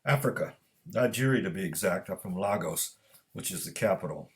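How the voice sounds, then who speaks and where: A man voicing a calm Nigerian cook who speaks in a clipped, precise way. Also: fairly low pitch, normal speed, lightly acted. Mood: recounting.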